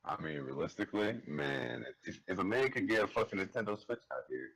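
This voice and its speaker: Very deep voice, bright edge, brash profane guy on a call. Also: sing-song, a little fast, vocal fry, rough recording. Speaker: caller. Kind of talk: prank call banter.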